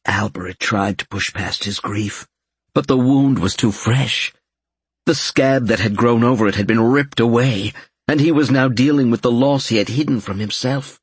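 A man narrating an audiobook in a steady, even reading voice. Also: mid-range voice, normal speed, husky, no room sound. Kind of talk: scripted narration.

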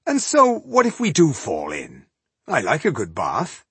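A theatrical male fourthling frets in a high, fussy voice, as a male narrator puts him on. He talks in a dramatic, gloomy way, and his husky tone leaps around a lot. The sound is close and dry. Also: huge pitch swings, unhurried, fairly bright tone, no echo, exaggerated voice. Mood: cheery.

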